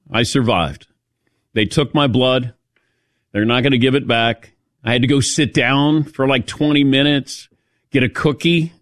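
Guy hosting sports talk, animated storytelling, doing little voices for quotes, dead dry studio. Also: mid-range voice, a little slow, pauses often, no room sound. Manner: lively self-mocking storytelling with voiced quotes. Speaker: sports talk show host. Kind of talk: casual on-air chat.

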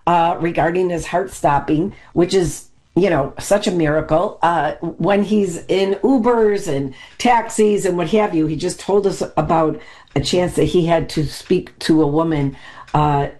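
A woman hosting a faith talk show, introducing her guest in a slow, halting way. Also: lowish voice, mellow. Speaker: host.

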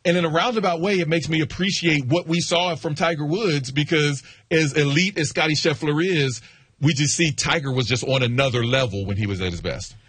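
A man discussing golf on sports radio in a husky voice, dry and close to the mic. He speaks in a measured, agreeable way, building his thoughts as he goes. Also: a little high, fairly bright tone, no room sound. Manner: measured, agreeable, thinks aloud. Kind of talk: casual sports talk.

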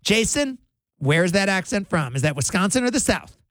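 High-voiced sports radio host. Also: male voice, big pitch swings, moderate pace, a bit bright, dry recording. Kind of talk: radio call-in show.

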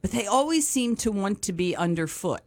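A woman chatting casually as a guest on a morning radio show, talkative and quick to laugh. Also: mid-range voice, expressive. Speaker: radio guest from an animal shelter.

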